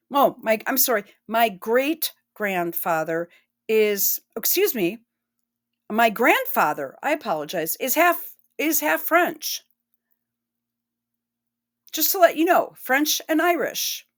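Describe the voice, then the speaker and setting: Woman commentator, fairly high voice, frank and cursing, emotional reaction talk. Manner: blunt, profane, emotional. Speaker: online commentator.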